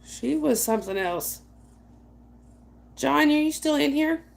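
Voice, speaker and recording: A woman's voice: high-pitched, animated, unhurried, creaky. A woman hosting a night chat stream, casually telling family stories, laughing often and calling out to viewers by name. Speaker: livestream host.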